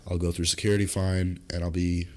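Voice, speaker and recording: A young man casually telling a long comic story on a podcast, swearing freely and jumping into high, loud voices when he quotes himself. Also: brisk. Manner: animated storyteller, jumps high into acted quotes. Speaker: podcast co-host.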